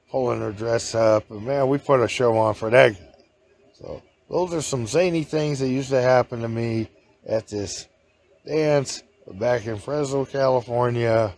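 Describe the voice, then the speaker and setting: A man's voice: medium pitch, a little mellow. A man hosting a show, telling folksy, rambling comic stories and laughing at his own tales. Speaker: host.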